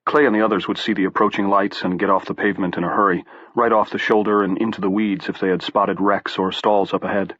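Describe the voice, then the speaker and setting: A man with a lowish voice narrates a horror audiobook at a measured storytelling pace. The sound is dry and close, with muffled highs and no room around it. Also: fairly even intonation, fairly bright tone, no room sound. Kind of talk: scripted narration.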